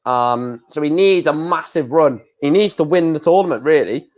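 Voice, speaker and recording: A man's voice: on the high side, normal speed. A man hosting a darts live stream, reading out scores in a chatty, exclamatory way with mild swearing.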